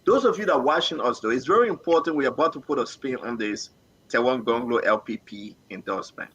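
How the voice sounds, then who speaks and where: A man's voice: medium pitch, lively intonation, fast, a bit bright, slightly rough, muffled recording. A man hosting a live online political talk show, moderating guests and cutting in firmly. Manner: interrupting, insistent moderator.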